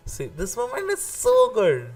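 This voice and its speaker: A man in casual live-stream reaction commentary, excitable and swearing freely, often restarting his sentences. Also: sits high, measured pace, distant mic, faint music behind. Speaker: streamer ranking anime arcs.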